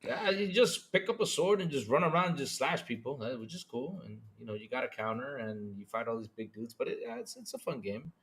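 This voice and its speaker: A man co-hosting a gaming podcast in casual chat, excitable and stammering with quick repeats. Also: mid-range voice, slight background noise. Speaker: podcast co-host.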